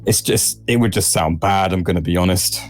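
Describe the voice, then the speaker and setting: A man with a Southern English accent chats easily with his fellow players, his voice sitting very low. He talks in quick bursts and laughs often. Faint music plays somewhere behind him. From Southeast England. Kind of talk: casual chat between game sessions.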